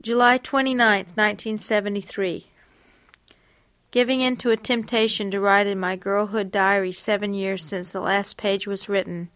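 A woman's voice: mid-range voice, flat delivery, normal speed, a bit bright, dry recording. A woman reading aloud from a personal diary in an earnest, confessional, reflective way.

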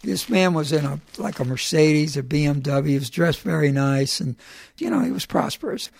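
Plainspoken man with a gravelly voice. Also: fairly high pitch, expressive, a little mellow, slight background noise. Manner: plainspoken, conversational, with halting restarts. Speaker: man walking across the country. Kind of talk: first-person storytelling.

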